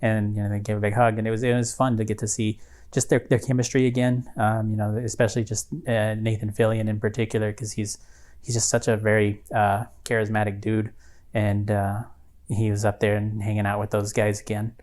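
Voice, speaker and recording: A man's voice: fairly low pitch, little pitch movement, brisk, darkish tone. A man co-hosting a podcast, telling a story in casual chat, rambling with many fillers and restarts. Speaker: podcast co-host.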